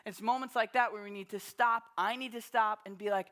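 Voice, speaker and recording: A man's voice: sits high, steady tone, fairly quick, few pauses, bright, forceful tone. Pastor, man in his 30s from Long Island, casual storytelling sermon, often restarts his sentences. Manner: conversational, storytelling, frequent restarts.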